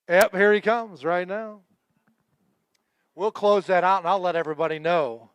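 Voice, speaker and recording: High-voiced chatty weigh-in emcee man. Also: fairly even intonation, normal speed, pauses often, clean tone, no room sound, studio quality. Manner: chatty, joking, talks with the anglers and crew. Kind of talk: live event emceeing with casual banter.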